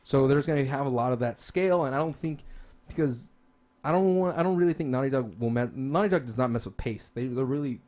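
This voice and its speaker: A man's voice: mid-range voice, quick pace, a little mellow. A man co-hosting a podcast, chatting casually and enthusiastically, rambling with lots of restarts and fillers. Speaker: podcast co-host. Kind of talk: casual chat about games and movies.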